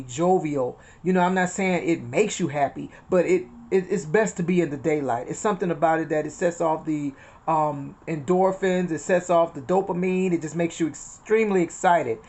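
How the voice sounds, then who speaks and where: A woman's voice: fairly low pitch, a little mellow. A middle-aged woman hosting a casual spiritual talk, chatty and full of retold conversations and scripture. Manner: chatty, repeats phrases, quotes scripture and retells conversations. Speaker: inspirational channel host.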